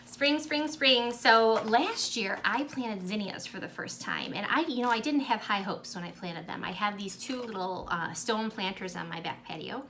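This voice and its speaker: A woman's voice: medium pitch, normal speed, hardly any pauses, a little hiss or hum. A woman chatting casually to camera as a cross-stitch vlogger, gushing and sentimental, with lots of ums. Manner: gushing, sentimental, warmly grateful.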